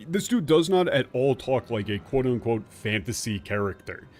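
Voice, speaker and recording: Profane, animated male game streamer. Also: mid-range voice, normal speed. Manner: animated, profane, explaining at length. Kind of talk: casual game commentary.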